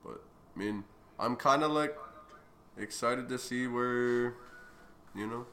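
A man's voice: medium pitch, slow pace, a bit bright, echoey room, a little hiss or hum. A man co-hosting a casual smoking livestream from a garage, loose and joking, swearing freely. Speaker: co-host of a smoking stream.

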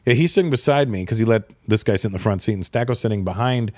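A man hosting a podcast, telling stories in a casual, animated way and acting out the people in them. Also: lowish voice, fast talker, dry recording. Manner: animated, acts out voices in stories. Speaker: podcast host. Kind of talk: casual comedic storytelling.

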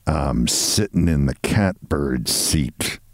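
A man voicing a meek, prim middle-aged office clerk who speaks quietly and drily, in a read-aloud story. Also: very deep voice, takes it slowly, no room sound, voice pushed down, heavily acted. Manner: quiet, calm and dry.

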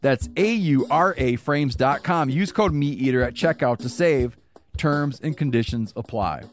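A man hosting a podcast, chatting casually and reading ads in a relaxed, conversational way. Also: a little high. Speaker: podcast host. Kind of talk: casual chat and host-read ad.

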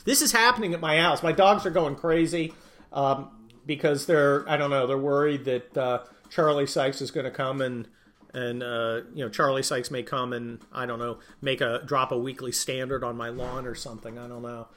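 A man's voice: medium pitch, steady tone, moderate pace. A middle-aged man hosting a podcast from his home, giving casual, sarcastic political commentary in a rambling way with many fillers. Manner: sarcastic, rambling, yells at barking dogs. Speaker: podcast host. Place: home with barking dogs.

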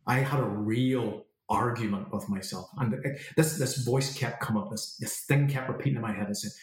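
A man's voice: medium pitch, normal speed, few pauses, slight background noise. A man, a confidence coach telling a personal story and acting out the dialogue in it. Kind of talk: storytelling monologue. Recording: roomy echo.

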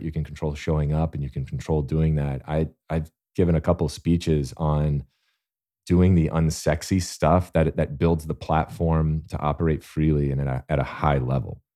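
Deep, mellow male athlete telling stories. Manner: earnest, animated storyteller. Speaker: guest, Olympic athlete. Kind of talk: casual interview storytelling.

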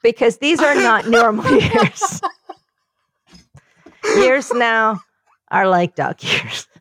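A woman's voice: on the high side, very animated, takes it slowly, a bit bright, dry recording, studio quality. A woman co-hosting a podcast in casual, playful, joking chat. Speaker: podcast co-host.

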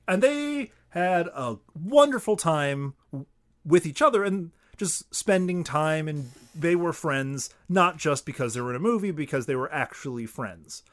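Podcast guy, kinda high voice, gushes and argues back. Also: expressive. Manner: enthusiastic, quick to argue a point. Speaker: podcast co-host. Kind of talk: casual chat.

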